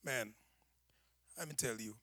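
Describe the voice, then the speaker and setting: A man with a Kenyan accent, a preacher giving a personal testimony with dramatic storytelling that swings from hushed to shouting. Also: medium pitch, a little slow, no echo, studio quality.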